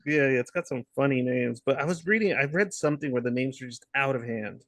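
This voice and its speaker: A man of middle pitch rambling loosely, piling up fillers and curses and breaking into laughs. His voice sounds dry and close to the mic. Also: fast talker, fairly bright tone, dry recording. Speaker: podcast co-host. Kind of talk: casual podcast chat.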